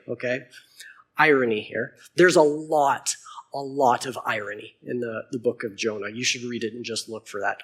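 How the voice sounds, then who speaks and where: A man's voice: medium pitch, normal speed, a bit bright, slightly rough. A man reading a Bible passage aloud and adding short teaching asides that stress its irony. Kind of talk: scripture reading with commentary.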